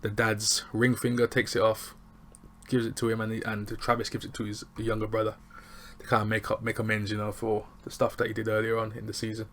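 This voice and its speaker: A man with casually recapping a TV episode, animated and chatty, acting out lines from scenes. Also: on the low side, fairly quick, a little hiss or hum. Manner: animated, chatty, acts out quotes. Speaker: TV show reviewer.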